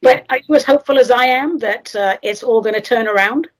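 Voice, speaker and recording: A woman with a slightly high voice talks a little quickly. She hosts a spiritual radio talk show, questioning her guest earnestly and leadingly in a conversational interview.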